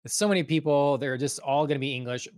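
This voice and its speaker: A man hosting a casual stream chat, relaxed and a bit hesitant, with many fillers. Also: medium pitch, quick pace, no echo, studio quality. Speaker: stream host.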